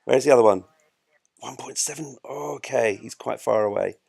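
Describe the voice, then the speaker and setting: Man, live gameplay commentary, self-mocking, gravelly voice, dry close mic. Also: mid-range voice, normal speed, no echo. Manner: self-mocking, excitable, chatty. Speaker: gameplay streamer.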